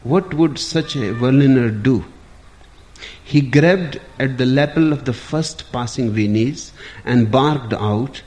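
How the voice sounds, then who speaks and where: A man giving a spiritual discourse in a measured, deliberate storytelling manner. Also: medium pitch, darkish tone. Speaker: spiritual teacher.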